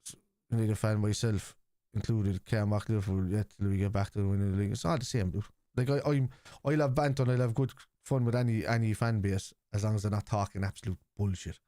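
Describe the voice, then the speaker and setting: Male streamer host, low dark voice, dry sound, blunt sweary football banter. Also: fairly even intonation, fast, no echo. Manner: blunt and opinionated, sweary, repeats points. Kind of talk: casual live commentary and chat.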